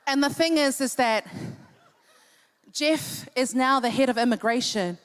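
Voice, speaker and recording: A woman's voice: high voice, measured pace, smooth. A woman in her fifties doing cheeky live comedic banter as the entertainer at a charity dinner in a large hall. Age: 50s. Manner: cheeky, teasing the audience.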